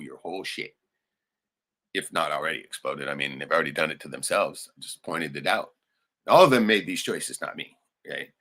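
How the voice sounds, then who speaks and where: A man's voice: extremely low pitch, bright, forceful tone. A man hosting a livestream, ranting heatedly and swearing, with laughing asides. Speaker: livestream host.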